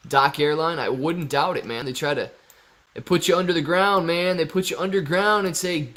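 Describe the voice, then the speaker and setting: A livestream host with a slightly high, somewhat bright voice talks at normal speed. He runs a casual stream, reading viewer comments aloud and greeting people by name in an upbeat way.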